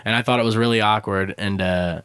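Male podcast co-host, excited swearing storyteller, dry close mic. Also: fairly low pitch, brisk, clean tone, no echo. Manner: animated, profane storytelling, rising excitement. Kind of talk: casual storytelling chat.

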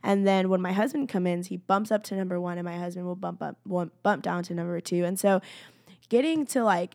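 Young woman, casual faith vlog, gravelly fry, dry close sound. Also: medium pitch, no echo. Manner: chatty, full of "like", acts out her own prayers. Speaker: faith vlogger. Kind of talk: casual personal talk.

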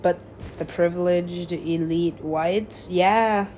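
A woman's voice: fairly low pitch, slow pace, darkish tone, slight background noise. A woman, a musician and DJ, telling a rambling personal story in casual talk, swearing freely and laughing often.

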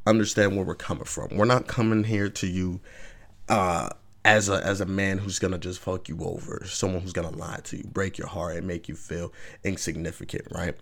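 A man's voice: deep voice, a bit bright. A man hosting his own vlog, giving casual opinion commentary in an emphatic, rambling way with frequent rhetorical check-ins. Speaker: vlog host.

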